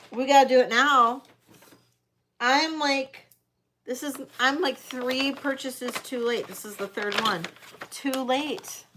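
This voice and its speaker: High-voiced woman hosting a live sale. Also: slow pace, pauses often, fairly bright tone, a little hiss or hum. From Detroit area, United States. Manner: chatty, addresses viewers directly. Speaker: host of a live vintage jewelry sale. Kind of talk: live-stream auction chat.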